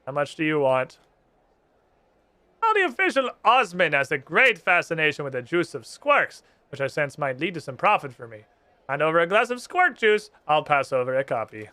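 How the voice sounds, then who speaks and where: A man's voice: a little high, big pitch swings, normal speed, sharp tone, no room sound. A man voicing a smug, scheming male salesman in a game, speaking in a haughty, self-important way.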